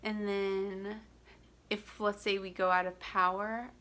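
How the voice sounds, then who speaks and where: A woman's voice: medium pitch, little pitch movement, slow, a bit bright. A young woman from Central Florida chatting casually to her camera, rambling with lots of fillers and restarts. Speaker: vlogger. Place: home in Florida.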